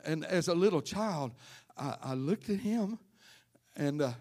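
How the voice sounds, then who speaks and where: A male pastor preaching a sermon to his congregation in church, telling stories and calling out members by name, rising to loud fervent preaching. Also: fairly high pitch, lively intonation, measured pace.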